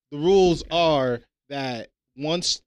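A man's voice: on the high side, very slow, clean tone, no echo, clean studio sound. A man co-hosting a podcast who explains the show's rules at length in casual talk, with fillers. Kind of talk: casual chat.

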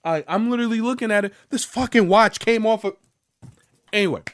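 A man's voice: high voice, a little fast, a bit bright. A young man ranting casually as a gaming vlogger, rambling and profane.

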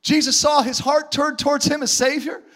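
A man preaching a sermon as a pastor, animated, acting out voices when he quotes. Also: very high voice, normal speed.

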